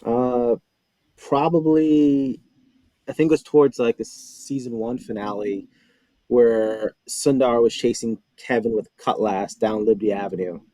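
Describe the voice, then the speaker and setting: A man's voice: medium pitch, a little slow, warm tone, dry recording, rough recording. A man, a former cast member, recalling a scene in casual chat, rambling with many fillers.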